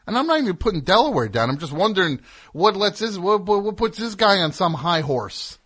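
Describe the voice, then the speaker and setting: A man's voice: high-pitched, very animated, brisk, few pauses, fairly bright tone. A man hosting a call-in radio show, talking in a sardonic, rambling, mock-indignant way. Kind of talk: casual call-in radio talk.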